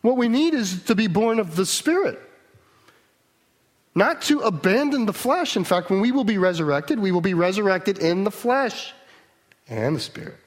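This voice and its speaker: A man with a fairly high voice preaching a sermon. He talks earnestly and with emphasis, often stopping to restart a thought or to put a rhetorical question to the listeners. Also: lively intonation, moderate pace.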